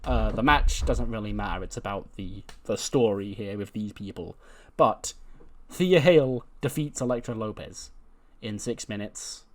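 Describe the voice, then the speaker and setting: A man's voice: fairly low pitch, measured pace. A man casually commentating on a game session in a chatty way, laughing and swearing now and then. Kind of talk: casual let's-play commentary.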